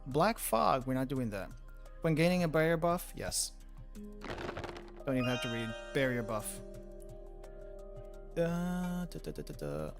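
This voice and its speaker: A man's voice: mid-range voice, sing-song, a little slow, long pauses, music in the background. Man muttering through a card game. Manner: thinks aloud, muttering through card choices. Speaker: streamer. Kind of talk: casual gameplay commentary.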